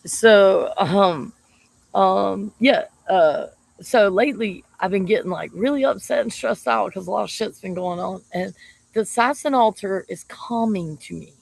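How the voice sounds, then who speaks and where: A woman's voice: medium pitch, measured pace, gravelly, low-quality recording. A woman talking casually about her partner, chatty and laughing often. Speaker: shaman. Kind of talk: casual monologue to camera.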